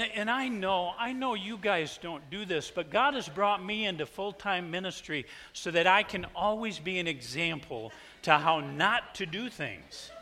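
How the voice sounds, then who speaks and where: Animated high-voiced man preaching. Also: slight background noise. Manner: animated, swings from hushed to shouting. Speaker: pastor. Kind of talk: sermon storytelling.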